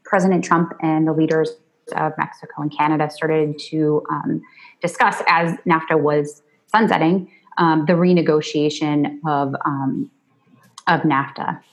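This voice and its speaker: A woman compliance attorney answering interview questions in a measured way, pausing often with "um". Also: deep voice, steady tone. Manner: measured, many "um" pauses.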